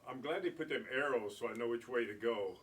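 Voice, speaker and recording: Man, very husky voice, dry, sarcastic, quiet asides. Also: mid-range voice, brisk.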